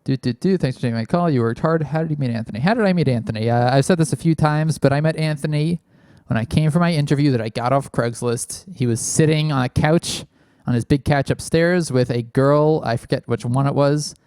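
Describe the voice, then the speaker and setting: A man's voice: medium pitch, fairly quick, a little mellow, clear, resonant tone, no room sound. A man hosting a casual call-in show, talking loosely with lots of fillers, close on a large studio microphone in a small studio. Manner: rambling, many fillers. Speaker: podcast host. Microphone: large studio mic, spoken into closely.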